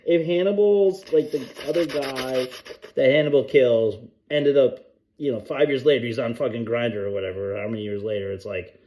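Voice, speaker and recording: A man's voice: medium pitch, moderate pace, warm tone, poor audio. A man co-hosting a comedy podcast, wisecracking and riffing on movie references. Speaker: podcast co-host. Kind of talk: casual crude comedy banter.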